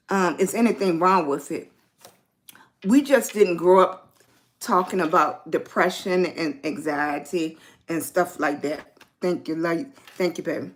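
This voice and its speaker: A middle-aged woman with a Virginian Southern accent, chatting casually on a livestream, greeting viewers by name and spelling them out. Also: fairly low pitch. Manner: slow, warm greetings to chat, spells out viewer names. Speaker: lifestyle livestreamer.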